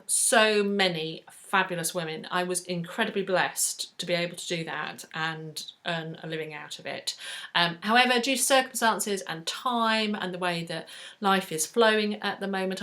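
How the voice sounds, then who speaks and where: An Englishwoman in her forties from the South East chats to her viewers in a bright, clear voice. Her Southern English accent carries a slight northern inflection, and she talks effusively, full of fillers and restarts, in an easy book-vlog manner. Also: lowish voice. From South East England. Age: 40s. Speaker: book vlogger. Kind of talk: casual chat to camera.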